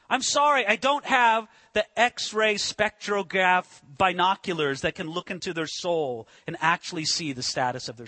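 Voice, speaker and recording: A man's voice: sits high, sharp tone, dry recording. A man preaching a sermon as a pastor, earnest and full of rhetorical questions.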